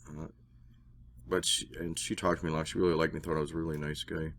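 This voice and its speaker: A man telling a personal story in a casual, rambling way. He swears and gets excited when he acts out dialogue. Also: rumbling low, fast talker, slight background noise. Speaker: interview guest.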